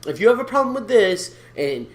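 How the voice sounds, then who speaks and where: A man's voice: high voice, a little fast. A man co-hosting a podcast, chatting casually, swearing freely and acting out quoted people. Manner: animated, swears a lot, acts out quotes. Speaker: podcast co-host. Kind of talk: casual profane chat.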